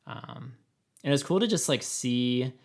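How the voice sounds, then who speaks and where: A man with a raspy voice, co-hosting a podcast in casual, rambling chat full of fillers. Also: mid-range voice, expressive, unhurried. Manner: rambling, many fillers and laughs. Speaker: podcast co-host.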